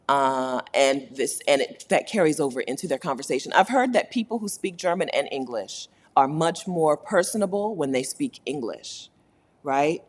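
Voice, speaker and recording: A woman hosting a casual livestream chat, talking candidly and laughing often. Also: low voice. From United States. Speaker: host.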